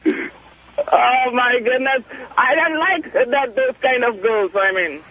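Guy calling in on a tinny phone, high pitched, keeps stopping and restarting, defensive. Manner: defensive, halting, many restarts. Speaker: caller. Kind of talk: call-in radio talk.

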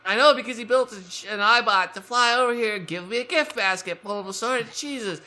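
A timid bunker dweller reciting his diary entries in a meek, deadpan way. His tone stays bright and clear, with nerves just under the surface, as a man voices him. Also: extremely high pitch, a little fast, exaggerated voice.

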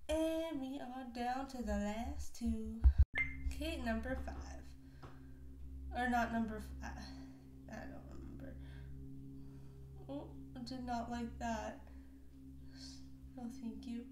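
A woman's voice: a little high, takes it slowly, long pauses. A young woman hosting a casual reaction video, chatty and giggly, voicing what the pets might think. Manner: giggly, chatty, voices pets' thoughts. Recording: echoey room with faint noise.

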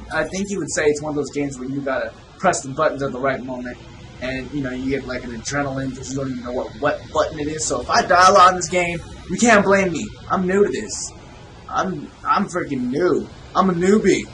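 A young man giving casual, excitable, profane let's-play commentary, shouting reactions at a game. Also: mid-range voice, brisk, a little hiss or hum, poor audio. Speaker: gaming video host.

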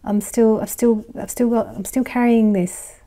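Woman doing a chatty tarot reading, mellow tone, laughs a lot, trails into soft asides. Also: on the high side, fairly even intonation, moderate pace. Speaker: tarot reader and life coach. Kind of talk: casual pick-a-card tarot reading.

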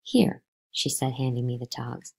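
A woman reading a novel aloud to a class, lively, with pitch jumps on the spoken lines. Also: normal speed, creaky, breathy edge.

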